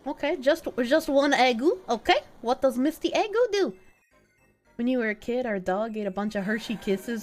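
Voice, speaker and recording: A woman's voice: on the high side, expressive, moderate pace, a little mellow, soft background music. A young woman streaming a video game live, chatting casually and crudely with her viewers and joking as she plays. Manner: casual, profane, joking with chat.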